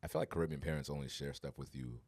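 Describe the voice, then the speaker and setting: A man's voice: a bass voice, steady tone, very fast, darkish tone. A man co-hosting a podcast, telling stories in a casual conversation and driving points home through repetition. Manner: storytelling, emphatic repetition. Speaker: podcast co-host.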